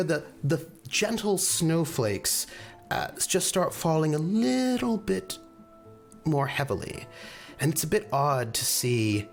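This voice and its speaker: A man's voice: fairly high pitch, vocal fry. A man narrating as game master in a tabletop role-playing game, descriptive and loose with many fillers.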